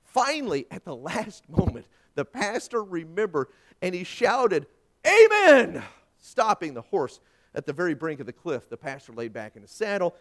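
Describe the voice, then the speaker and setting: This male pastor speaks at an ordinary pace in a slightly high voice. His sermon is built around stories, and he brings them to life by acting out each quoted voice.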